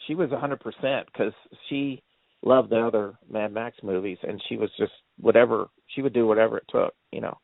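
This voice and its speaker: Gravelly guy rambling thru a movie story, tinny phone sound, dead dry. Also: mid-range voice, animated, moderate pace, no echo. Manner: rambling storyteller, acts out quotes, laughs often. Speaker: co-host movie reviewer. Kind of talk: casual movie chat.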